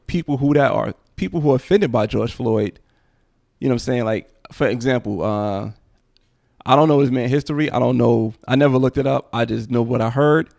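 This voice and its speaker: A man's voice: mid-range voice, creaky, a little mellow, no room sound, studio quality. A man hosting a casual commentary livestream, rambling conversationally. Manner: rambling, conversational, frequent "you know what I'm saying". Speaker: livestream host.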